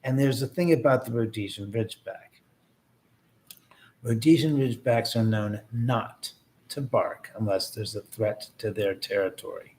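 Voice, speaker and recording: A man's voice: on the low side, measured pace, darkish tone. A man hosting a casual livestream, talking in a rambling, joking way with many restarts and asides to his viewers. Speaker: livestream host and filmmaker.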